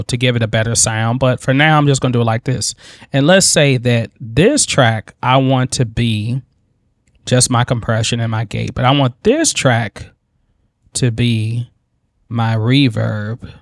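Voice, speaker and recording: Man talking through a software tutorial. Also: medium pitch, moderate pace, no room sound, clean studio sound. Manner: thinks aloud, loose and informal. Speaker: tutorial host. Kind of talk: screen-recorded software tutorial.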